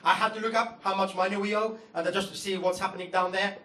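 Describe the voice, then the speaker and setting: A young Greek-accented man doing stand-up, his voice pitched high for a man, heard in a roomy club from some distance off. He talks with sardonic, profane mock outrage. An audience hum sits behind him. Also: little pitch movement, fast talker, pushed and bright. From Greece. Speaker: stand-up comedian. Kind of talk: stand-up comedy set. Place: comedy club stage. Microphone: stage microphone. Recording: roomy club sound from the audience, with crowd laughter. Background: audience ambience and laughter.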